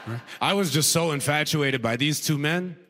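A man's voice: on the high side, moderate pace, background noise. A man doing stand-up comedy, telling a self-mocking story with lots of animation.

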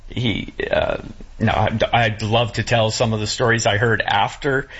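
A man talking as a guest in casual chat, halting and full of restarts, close to tears. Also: fairly low pitch, fairly even intonation, a bit bright, slightly rough. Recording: dull lo-fi sound.

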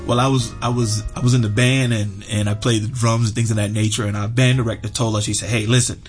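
A man's voice: fairly low pitch, level tone, quick pace, faint music behind. A middle-aged man telling a heartfelt personal story, earnest, with lots of fillers and repeated words. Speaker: interview guest.

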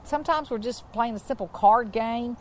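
A woman's voice: a little high, moderate pace, slight background noise. A woman co-hosting a casual Christian chat show with her husband, often breaking into giggles. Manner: giggly, keeps breaking into laughter. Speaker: co-host.

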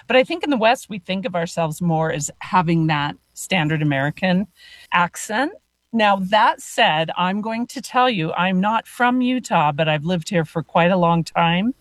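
A woman's voice: lowish voice, lively intonation, unhurried, no room sound. A woman interview host who asks questions in a chatty, storytelling way. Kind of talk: casual interview chat.

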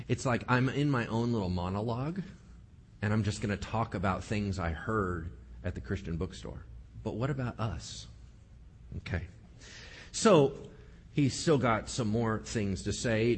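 A man preaching a humorous Bible-teaching sermon, animated and sarcastic. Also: fairly low pitch, normal speed, slightly rough. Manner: animated and sarcastic, acting out scripture characters.

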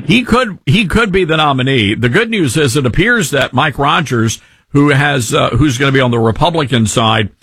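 A man hosting a talk radio show, wry and animated with sarcastic asides. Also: mid-range voice, moderate pace, breathy edge, no echo. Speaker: radio host.

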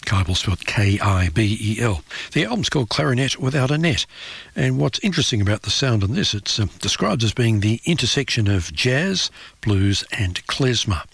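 A man presenting a community radio jazz program from a studio, back-announcing tracks in a relaxed, conversational way. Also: fairly low pitch, normal speed, gravelly, husky, no echo. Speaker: radio host. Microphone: studio microphone.

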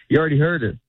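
A man's voice: fairly high pitch, breathy edge, no echo. A middle-aged man, a stand-up comedian, chatting casually in an interview, rambling and cutting himself off, laughing easily. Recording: tinny dry phone-like line.

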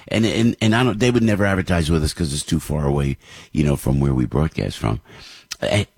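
A man's voice: on the low side, darkish tone, husky, no echo. A middle-aged man, hosting a morning radio show and telling stories in a rambling, chatty way with many restarts. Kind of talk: casual morning show storytelling.

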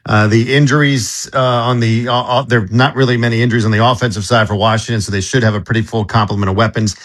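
A man on live radio giving a sports preview in a casual, halting way. He fills his answers with uhs and starts sentences over. His voice sits at an ordinary middle pitch. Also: steady tone, fairly bright tone. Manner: casual, halting, with many fillers and restarts. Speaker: sports director.

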